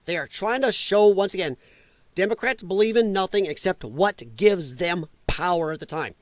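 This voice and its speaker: Man, livestream host, high lively voice, ranting, mocking voices, dry sound. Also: normal speed, dry recording. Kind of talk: casual political commentary. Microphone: headset.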